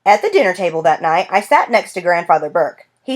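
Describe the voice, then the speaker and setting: A woman's voice: lowish voice, big pitch swings, brisk. A woman narrating a children's novel in the first person, in an earnest, plain way. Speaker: audiobook narrator. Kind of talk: storybook narration.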